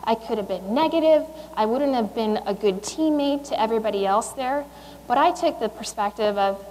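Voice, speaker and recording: A woman in her thirties addresses a school audience with a motivational talk. Her voice sits a little high, and she speaks conversationally, with fillers and small restarts, over a faint hum of ambience. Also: moderate pace, darkish tone, long reverb tail, rough recording. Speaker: guest speaker, Olympic speed skater. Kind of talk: motivational speech. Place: school assembly.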